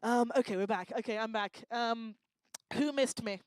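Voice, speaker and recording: A woman's voice: on the high side, clear, resonant tone, dry recording. Teasing woman working a crowd. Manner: energetic, teasing, bossy and quick to joke. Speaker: stage performer working the crowd. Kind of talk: improvised stage crowd work. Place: live talk stage before an audience. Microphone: handheld microphone.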